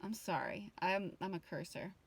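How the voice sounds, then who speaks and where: A woman's voice: lowish voice, normal speed, vocal fry, husky. A woman in her thirties ranting casually to her viewers, rambling and emotional, with frequent swearing. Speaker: vlogger. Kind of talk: casual rant to camera.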